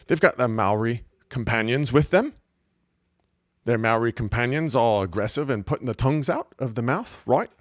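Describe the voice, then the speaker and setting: A man's voice: mid-range voice, lively intonation, normal speed, no room sound, clean studio sound. A middle-aged man hosting a show in a rambling, joking monologue. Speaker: podcast host. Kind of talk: casual comedic monologue.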